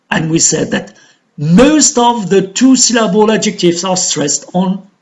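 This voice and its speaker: Slow, lively-pitched man teaching English. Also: creaky. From Algeria. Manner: slow, deliberate explanation, counting syllables aloud. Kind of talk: classroom lesson on word stress.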